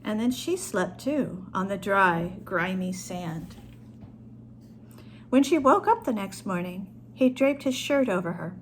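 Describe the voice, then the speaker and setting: A woman author reading her own short story aloud in a calm storytelling manner. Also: mid-range voice, slow pace, a little hiss or hum.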